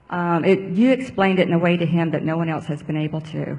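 A man from the audience who shares a personal testimony quickly and a bit nervously, with some fillers. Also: on the high side, a little mellow, long reverb tail, low-quality recording. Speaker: audience member.

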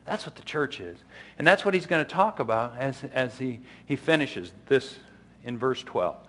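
A man's voice: mid-range voice, expressive, moderate pace, a bit bright. A middle-aged man preaching a sermon as pastor, in a loose conversational way with frequent restarts and asides.

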